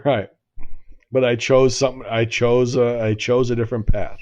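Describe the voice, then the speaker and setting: A man in his forties, co-hosting a podcast, rambles through a long story, frequently cutting himself off and laughing at his own tale. His medium-pitched voice stays level and a little mellow at a moderate pace, and the audio is dull.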